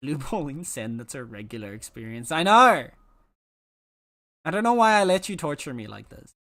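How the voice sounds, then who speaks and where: Animated and a bit bright, the medium-pitched voice moves at normal speed as a live streamer chats casually with viewers. The streamer teases playfully and complains in mock-dramatic fashion.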